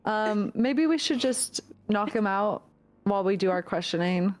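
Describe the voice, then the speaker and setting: Lively woman laughing through a game. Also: medium pitch, a little slow. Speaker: player. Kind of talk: casual tabletop game chat.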